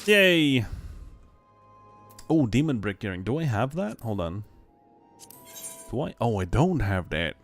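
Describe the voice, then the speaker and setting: Excitable young man streaming a game. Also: medium pitch, a little slow, long pauses, faint music behind. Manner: excitable, swears freely, laughs often. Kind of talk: casual live stream chat.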